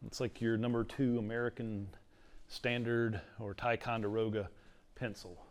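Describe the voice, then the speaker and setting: A man's voice: fairly low pitch, flat delivery, moderate pace, a little hiss or hum. A middle-aged man, teaching a class in a casual, rambling lecture full of stories. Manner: chatty, storytelling, uses "like" a lot.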